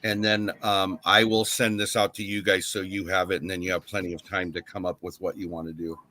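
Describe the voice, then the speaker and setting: A man's voice: low voice, level tone, fairly quick, bright, forceful tone. A man hosting a casual group chat, earnestly organizing plans and thinking aloud as he talks. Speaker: channel host leading a group call.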